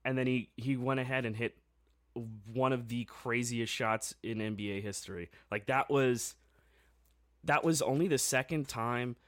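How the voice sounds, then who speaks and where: A man co-hosting a sports podcast, telling a game story in a casual, excitable way with lots of fillers. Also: mid-range voice, normal speed, no room sound, clean studio sound.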